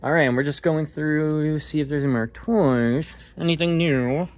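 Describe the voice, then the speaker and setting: A young man with a Philadelphia accent, chatting excitedly as he walks store aisles and films on his phone. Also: on the high side, normal speed, no echo. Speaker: vlog host. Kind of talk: casual walk-through vlog.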